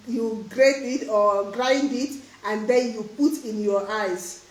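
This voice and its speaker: A woman's voice: on the high side, slow pace, darkish tone. A woman eye doctor answering questions in a live stream, earnest and emphatic, often breaking into laughter. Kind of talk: live stream Q&A, casual advice. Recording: roomy echo.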